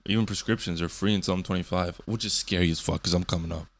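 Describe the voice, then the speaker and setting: A young man in his early twenties rambles through a casual monologue, swearing freely and joking. He trips over his words and restarts his sentences, and his voice sits a little low. He sounds like a streamer talking off the cuff. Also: fairly even intonation, quick pace. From Canada. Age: 20s. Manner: profane, rambling, joking, with many fillers and restarts. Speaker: streamer and podcast host.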